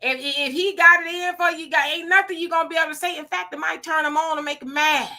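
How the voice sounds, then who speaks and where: Woman, middle-aged, live-stream host, emphatic preachy storytelling, sweating from the heat, bright sharp voice. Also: very high-pitched, quick pace. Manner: animated storyteller, emphatic and preachy when warning. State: hot and sweating. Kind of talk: live-stream chat reading comments.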